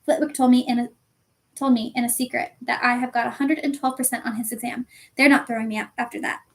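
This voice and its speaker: A clever, bossy schoolgirl who talks briskly and anxiously, as a woman reader puts her on. The voice is pitched well up, quick and bright. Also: fairly even intonation, natural voice.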